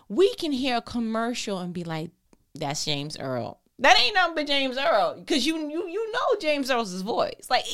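A woman talking casually to camera in an animated, colloquial way, sometimes dropping into hushed asides. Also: medium pitch. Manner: colloquial and conversational. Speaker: vlogger.

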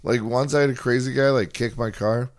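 Man, casual podcast chat, swears a lot, animated storytelling, mid-pitched voice. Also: a little fast, no echo, clean studio sound. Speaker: podcast co-host.

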